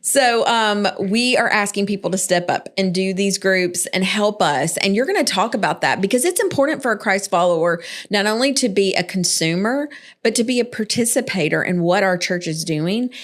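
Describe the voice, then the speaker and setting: A woman co-hosts a church podcast in an upbeat, talkative way. Her voice is pitched in a normal middle range. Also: animated, normal speed. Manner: upbeat, chatty, laughs often. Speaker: co-host. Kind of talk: casual church podcast chat.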